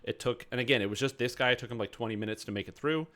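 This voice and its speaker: A man's voice: mid-range voice, very fast, fairly bright tone. A man chatting casually on his game stream, telling a rambling story full of fillers.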